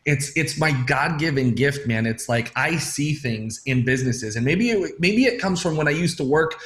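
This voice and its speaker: A man from Fall River, Massachusetts, telling his story in a casual interview, lively and often calling the host "man". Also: fairly high pitch, moderate pace, echoey room.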